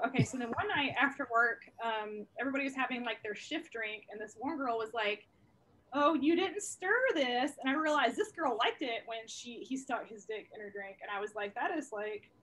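Animated, profane woman telling stories. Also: fairly high pitch, a little hiss or hum. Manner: animated, profane, laughing storyteller. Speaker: comedian guest. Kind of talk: casual storytelling interview. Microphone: video call.

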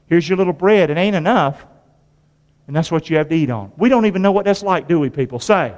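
A man's voice: on the high side, lively intonation, quick pace, darkish tone, lo-fi sound. A male pastor preaching a sermon, quizzing his congregation and repeating phrases for emphasis in a folksy way. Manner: call-and-response preaching, asking the congregation questions; folksy, repetitive emphasis with sudden rises and drops. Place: church. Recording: long hall reverb from church sanctuary.

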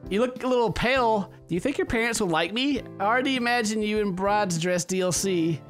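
A man's voice: sits high, fairly quick, soft background music. A man doing let's-play commentary, rambling, laughing often and hamming up mock-romantic lines to a game character. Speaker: gaming YouTuber.

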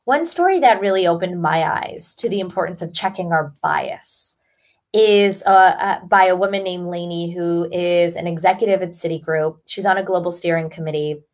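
A woman's voice: fairly low pitch, moderate pace. Upbeat articulate woman author. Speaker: author and guest. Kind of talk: podcast interview.

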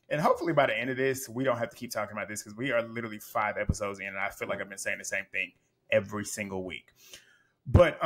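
A man's voice: medium pitch, fairly bright tone, breathy edge. A man casually recapping a reality TV episode, blunt, profane and emphatic in his opinions.

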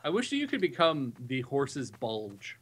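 A man's voice: mid-range voice, wildly swooping pitch, unhurried, slightly rough. A young man in his twenties joking around with friends while playing a game. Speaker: gamer. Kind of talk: casual gaming banter.

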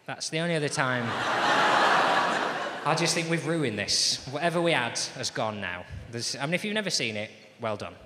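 A man's voice: medium pitch, expressive, normal speed. A male stand-up comedian on a large theatre stage, talking in a chatty, sarcastic way with self-mocking asides. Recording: long hall reverb, loud audience laughter.

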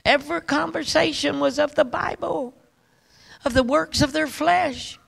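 A woman preacher with a heavily gravelly, fry-laden voice delivers an emphatic testimony sermon. She tells her story in repeated, insistent phrases, speaking straight to the congregation. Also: high-pitched, a little slow.

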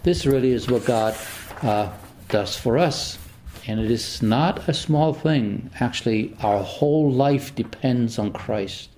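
Man, priest, homily, warm mellow voice, average pitch, unhurried storytelling, pauses and restarts. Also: slight background noise.

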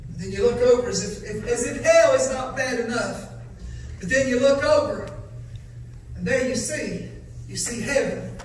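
A male evangelist preaching a fiery revival sermon, building to shouted, sing-song chanting. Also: extremely high pitch, moderate pace, a little hiss or hum. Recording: echoey church hall from far off, faint music.

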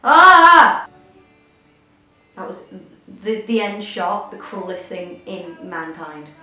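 A young woman vlogger offers a casual reaction commentary, gushing and rambling with self-deprecating asides. Her voice is lowish and unhurried. The room is very echoey, with faint music behind her.

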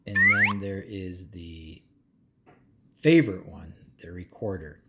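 A man's voice: deep voice, lively intonation, takes it slowly, very noisy. A man giving a casual, meandering product review as a parent, with frequent ums and uhs. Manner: laid-back, meandering, many ums and uhs. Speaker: parent reviewing a kid's smartwatch.

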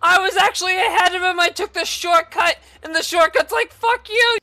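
A woman yelling and swearing at a video game as she plays, bursting into furious shouts. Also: very high-pitched, normal speed. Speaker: gaming video creator. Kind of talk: angry gameplay commentary.

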